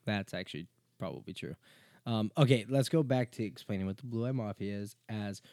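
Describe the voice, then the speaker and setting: A man's voice: on the low side, brisk, warm tone, dry recording, studio quality. A man hosting his own podcast, bantering playfully and mocking himself with his wife as a guest. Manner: playful, self-mocking, jumps into bits. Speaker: podcast host and creator. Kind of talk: casual comedic podcast banter.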